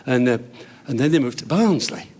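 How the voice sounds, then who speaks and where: A man's voice: mid-range voice, lively intonation, normal speed, darkish tone, husky. A man telling old-school stand-up jokes in a chatty way, chuckling as he goes. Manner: chatty, chuckles between lines, broad punchlines. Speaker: stand-up comedian. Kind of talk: club stand-up joke telling.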